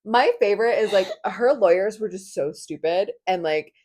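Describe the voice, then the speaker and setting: A woman's voice: medium pitch, moderate pace, darkish tone. A woman in her twenties co-hosting a podcast, gossiping in casual chat with lots of "like" fillers and frequent laughter. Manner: chatty, gossipy, laughs often, many "like" fillers. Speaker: podcast co-host.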